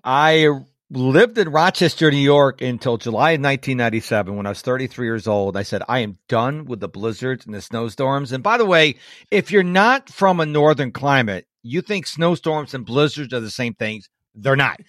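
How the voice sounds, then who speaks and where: A man in his fifties hosting a podcast interview, energetic and joking. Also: medium pitch, normal speed, dry recording, clean studio sound. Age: 50s. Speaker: podcast host.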